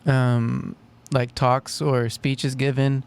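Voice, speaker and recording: A man's voice: mid-range voice, little pitch movement, very slow, vocal fry, a little mellow, clear, resonant tone. A young man co-hosting a podcast, easygoing and agreeable, talking casually with some hesitation. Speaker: podcast co-host. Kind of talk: casual chat.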